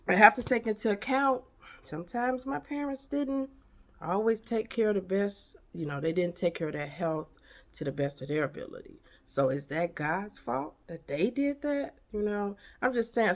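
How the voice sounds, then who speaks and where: A woman giving a casual spiritual pep talk to camera, emphatic and preachy, full of rhetorical questions. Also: low voice. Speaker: motivational vlogger.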